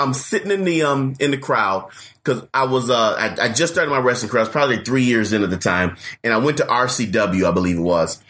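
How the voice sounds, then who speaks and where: A man's voice: mid-range voice, a bit bright. A man hosting a podcast interview, joking and laughing with short backchannel replies. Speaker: podcast host. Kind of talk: casual interview chat.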